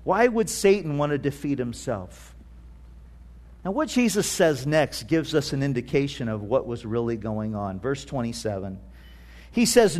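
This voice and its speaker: A middle-aged man preaching a sermon in a storytelling way, with many restarts and fillers, slowing down to stress key phrases. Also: sits high. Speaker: pastor.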